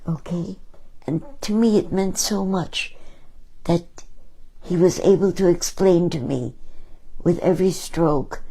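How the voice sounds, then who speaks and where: A woman's voice: fairly low pitch, mellow, slightly rough, low-quality recording. A woman painter talking casually about her paintings, telling stories with emphasis. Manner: slow, storytelling, emphatic.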